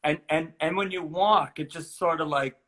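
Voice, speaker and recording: A middle-aged man with a bright, forceful voice pitched a little high, talking over a phone livestream from home. He jokes and laughs easily in a loose, animated chat. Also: normal speed. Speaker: livestream host. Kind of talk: casual chat. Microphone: phone on a video livestream.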